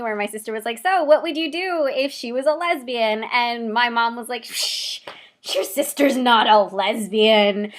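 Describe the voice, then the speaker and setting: A woman in her twenties, chatty and animated, telling personal stories to the camera with quick asides. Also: medium pitch. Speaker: vlogger. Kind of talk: casual personal storytelling to camera.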